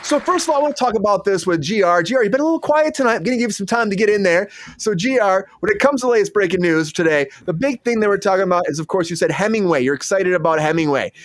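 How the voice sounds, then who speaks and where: Upbeat high-voiced male host. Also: expressive, fast, no echo, some chatter behind. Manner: upbeat, hyped. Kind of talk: live show hosting.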